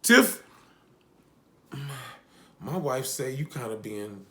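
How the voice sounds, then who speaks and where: Brief: male recap vlogger, low-ish voice, animated, profane and joking. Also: moderate pace. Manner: animated, profane, joking, asides to his wife. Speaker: TV show reviewer. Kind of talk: casual recap chat.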